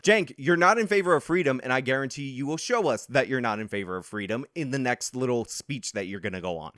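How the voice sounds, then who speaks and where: A man's voice: mid-range voice, animated, fast talker, a bit bright, dry recording, studio quality. A man hosting reaction commentary, combative and sarcastic as he lectures. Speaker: political commentary host.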